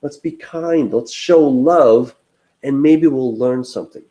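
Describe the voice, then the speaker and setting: A man's voice: mid-range voice, slow pace, dark tone, rough recording. A man teaching a conversational Bible study, earnest and self-deprecating, acting out inner dialogue in quoted voices.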